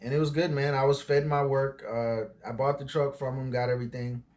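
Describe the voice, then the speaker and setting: A man's voice: medium pitch, steady tone, fairly quick, darkish tone, slight background noise. A man of forty, an auto transport business owner, tells his story in a loose, conversational way with frequent fillers and asides. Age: 40s. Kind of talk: casual storytelling.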